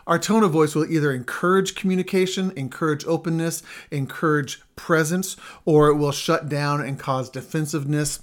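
A man's voice: on the high side, steady tone, normal speed, few pauses. A middle-aged man co-hosting a marriage show, explaining communication habits in an earnest, emphatic way. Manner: earnest, emphatic, builds intensity in lists. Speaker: co-host, marriage coach. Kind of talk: casual teaching chat.

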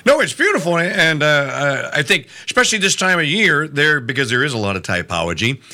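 A playful man hosting a relaxed conversation, who laughs easily. His pitch swings widely, and his voice is bright and sharp. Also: brisk. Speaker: podcast host. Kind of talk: casual chat.

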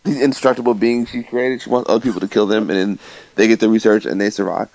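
A man in casual movie review chat as a podcast co-host, animated and mocking, acting out scenes. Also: on the low side, fast, creaky, dry recording, low-quality recording. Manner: animated, mocking, acts out scenes in raised voices.

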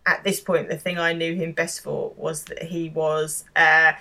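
A woman co-hosting a podcast casually chats through a recap of a TV episode, acting out lines from its scenes. Her voice is deep and sharp in tone, delivered flatly at a measured pace.

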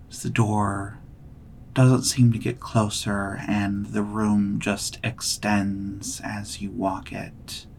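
Gravelly, slow-speaking man as game master. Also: lowish voice, slight background noise, poor audio. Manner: slow, measured descriptive narration. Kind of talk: narrating a tabletop game.

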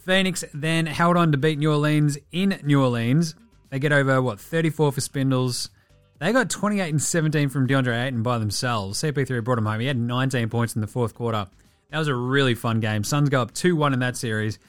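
A man's voice: medium pitch, clean tone, dry recording, soft background music. Swearing Australian man talking basketball. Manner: profane, joking, rapid asides. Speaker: basketball podcast host. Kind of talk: casual sports chat.

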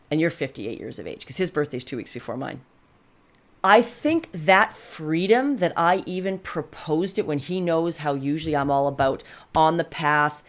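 A Canadian woman in her fifties, a life coach and vlogger, speaks in a low register. In a candid personal monologue to camera, she's frank, emphatic, and reflective, addressing viewers directly.

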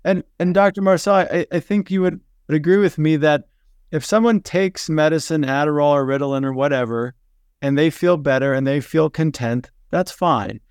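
A man hosting a podcast as a physician, explaining his points in a measured way. His voice is smooth and resonant. The recording is dry and close. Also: on the high side, no room sound. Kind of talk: podcast conversation.

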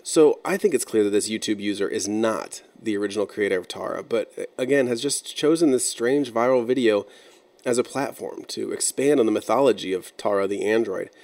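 A man narrating an internet-mystery video in a measured, explanatory and slightly wry way. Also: fairly low pitch, a little mellow. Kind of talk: scripted narration.

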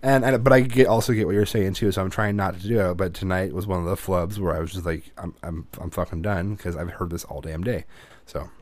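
A man's voice: low-pitched, fast, darkish tone, no echo. Male podcast co-host, rambling and profane, dry close mic. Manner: rambling, profane, self-interrupting. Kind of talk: casual chat.

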